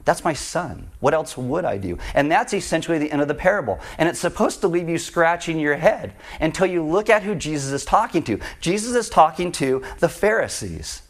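A man preaching a sermon, retelling a parable in an animated, conversational way. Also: on the high side, fairly quick, hardly any pauses. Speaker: pastor.

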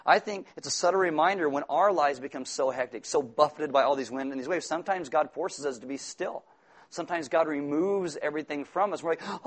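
A man's voice: a little high, brisk. A male pastor preaching a sermon in a conversational, often humorous way, rising to emphatic repetition at times.

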